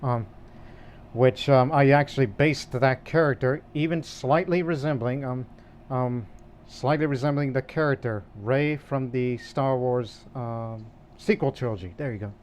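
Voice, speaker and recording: A man's voice: medium pitch, a little slow. A man co-hosting a gaming podcast, hesitant and stopping often on ums. His voice sits mid-range, with a faint hiss behind it. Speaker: podcast co-host. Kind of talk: casual podcast chat.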